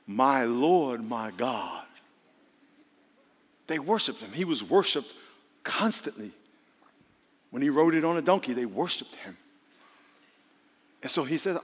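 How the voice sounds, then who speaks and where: A pastor preaches a sermon in a medium-pitched voice with a breathy edge, a long reverb tail trailing his words. He is lively, cracking jokes and calling out questions to the congregation.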